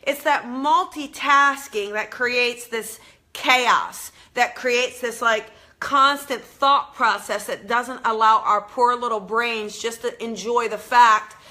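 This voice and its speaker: A woman's voice: fairly high pitch, steady tone, slow, sharp tone. A woman hosting a casual live stream, chatting upbeat with viewers while she walks from her home out to her backyard garden. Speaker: host.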